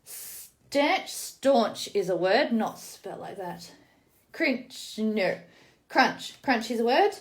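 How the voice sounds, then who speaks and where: A woman's voice: a little high, expressive. A woman demonstrating phonics card games in a casual tutorial, sounding out words letter by letter and explaining the rules in a chatty way. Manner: sounds out words slowly, then explains briskly. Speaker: teacher demonstrating literacy games.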